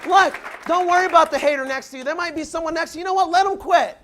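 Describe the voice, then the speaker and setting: A man giving a loud, punchy motivational speech to new recruits, asking the crowd if they follow him, with the audience answering back. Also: very high-pitched, steady tone, quick pace, a little hiss or hum. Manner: acts out quoted people in changed voices. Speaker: motivational speaker at recruit orientation. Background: audience responding.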